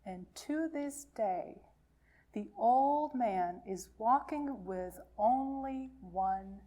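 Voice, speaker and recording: A woman minister reads a folktale aloud to her congregation. Her voice sits high and moves at an unhurried pace. Her telling is lively and expressive. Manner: slow, expressive storytelling. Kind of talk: reading a folktale aloud in a worship service.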